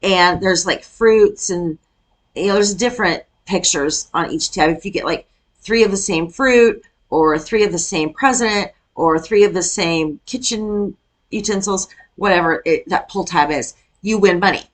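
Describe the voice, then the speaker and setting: A woman's voice: lowish voice, normal speed. A middle-aged woman from Iowa, chatting casually as she reacts to a video and rants with laughs. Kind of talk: casual chat reacting to a clip.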